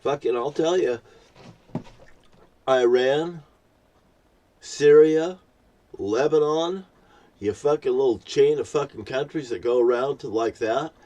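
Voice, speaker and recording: A man's voice: mid-range voice, measured pace, darkish tone, far from the mic. A man ranting angrily to the camera, swearing constantly and repeating himself. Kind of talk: angry profane monologue to camera.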